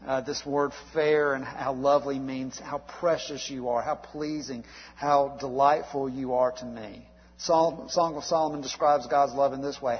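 A male pastor delivering a sermon in a conversational, halting way, with many fillers and restarts. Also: medium pitch, fairly even intonation, husky, long reverb tail, lo-fi sound. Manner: conversational preaching with frequent uhs and restarts.

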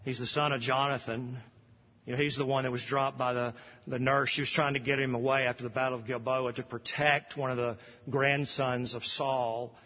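A man's voice: medium pitch, little pitch movement, moderate pace. Man preaching a sermon, emphatic repeated refrains, long hall reverb, dull distant sound. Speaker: pastor.

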